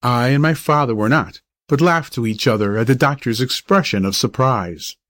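A man reads an old-fashioned story in a measured, steady way. His voice sits at an ordinary middle pitch. The sound is close and dry, with no room echo. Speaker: narrator. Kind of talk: storybook reading.

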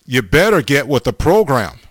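A man's voice: mid-range voice, very animated, normal speed, no echo, studio quality. A man preaching a sermon, blunt and emphatic, stammering over restarts and repeating himself for stress.

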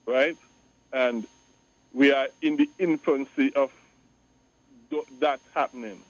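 A man's voice: mid-range voice, fairly even intonation, takes it slowly, no echo, muffled recording. A man on a call-in radio show, speaking emphatically and repeating his points. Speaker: radio guest. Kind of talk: call-in talk radio discussion.

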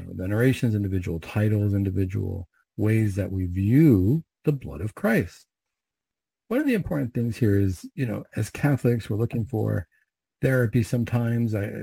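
Low mellow-voiced man leading Catholic prayer. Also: gravelly, slightly rough, dry recording, low-quality recording. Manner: plain conversational, with fillers and rhetorical questions. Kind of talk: recited prayers then informal religious reflection.

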